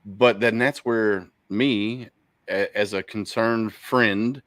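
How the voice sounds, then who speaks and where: A man hosting a podcast, a veteran himself, speaking earnestly and deliberately and repeating his key points. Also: lowish voice, steady tone, fairly bright tone, no echo. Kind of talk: casual podcast conversation.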